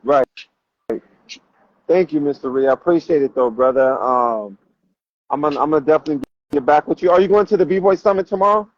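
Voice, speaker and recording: A man's voice: on the high side, brisk, pauses often, no room sound. A man hosting a casual interview, mostly giving short replies and explaining event details. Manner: brief affirmations, relaxed. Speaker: interviewer, host. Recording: dull lo-fi sound.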